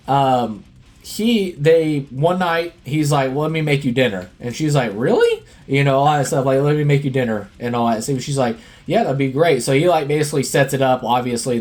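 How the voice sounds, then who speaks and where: A man hosting a casual movie podcast, retelling scenes in a rambling way full of fillers and laughs. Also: medium pitch. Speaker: podcast host.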